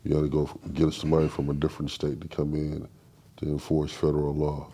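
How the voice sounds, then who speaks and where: A man hosting a podcast, laid-back, reacting to a guest with short agreements and quick remarks. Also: extremely low pitch, completely flat delivery, mellow, slightly rough. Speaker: podcast host. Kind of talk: casual chat.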